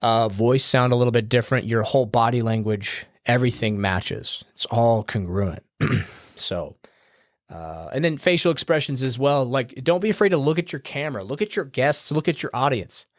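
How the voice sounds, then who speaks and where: This podcast host speaks in a mid-range voice at a normal speed, recorded cleanly in a studio with no echo. He hands out casual advice in a loose, rambling way, full of fillers and the odd swear word, sounding upbeat and smiling.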